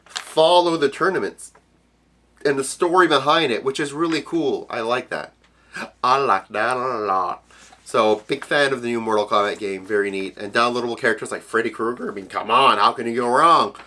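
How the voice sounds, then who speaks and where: A man from Canada's Maritimes ranting profanely in a casual vlog, jumping between loud outbursts and low mutters. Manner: profane, animated ranting with sudden pitch jumps. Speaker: video blogger.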